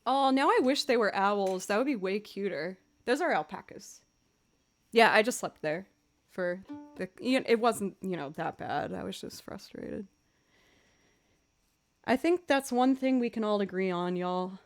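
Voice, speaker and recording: A young woman chats with her stream viewers between songs. She tells stories in a lively, chatty way and laughs often, at a mid pitch for a woman. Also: measured pace. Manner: chatty, animated storytelling with laughs. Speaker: livestreaming musician. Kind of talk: casual chat with stream viewers.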